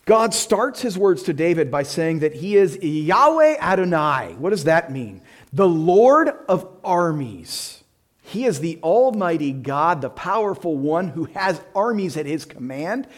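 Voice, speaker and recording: Earnest male preacher, fairly high voice. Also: big pitch swings, moderate pace, few pauses. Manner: earnest, shifts between quiet intensity and emphatic bursts. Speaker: pastor. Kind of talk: sermon.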